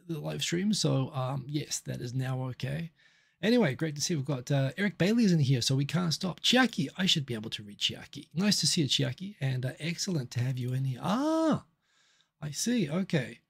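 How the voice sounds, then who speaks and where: Kiwi guy in his 40s-ish doing a chatty live stream, reads out viewer comments, really gravelly raspy voice. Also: fairly high pitch. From New Zealand. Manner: chatty, reacting to viewer comments as they arrive. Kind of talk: casual live stream chat.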